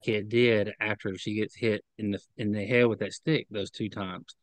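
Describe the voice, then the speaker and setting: A man being interviewed as a guest, recounting what he saw in an earnest, halting, emotional way. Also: on the low side, fairly even intonation, no room sound. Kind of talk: personal recollection in an interview.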